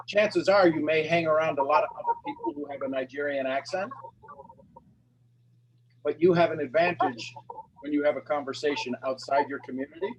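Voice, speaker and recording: A man hosting a coaching call, talking in an energetic, encouraging way. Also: a little high, slight background noise, low-quality recording. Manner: energetic, encouraging, talks to the audience directly. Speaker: coaching show host.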